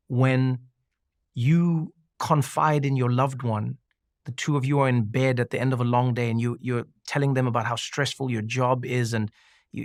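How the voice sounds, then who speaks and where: A man talking casually on a podcast, an animated storyteller who acts out the people he quotes. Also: mid-range voice, creaky, dry recording, studio quality. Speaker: podcast guest. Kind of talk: casual conversation.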